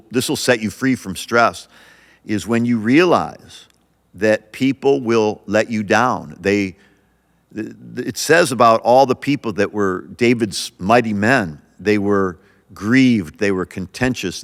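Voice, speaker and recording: A man's voice: lowish voice, big-room sound. A male pastor hosting a podcast, talking earnestly and encouragingly, often restarting his sentences. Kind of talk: podcast sermon.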